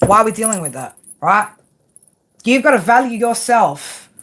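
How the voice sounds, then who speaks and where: A woman's voice: on the high side, lively intonation, normal speed, noisy background. A woman giving a live tarot reading to viewers, blunt and swearing constantly, tagging her lines with "right?". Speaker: tarot reader.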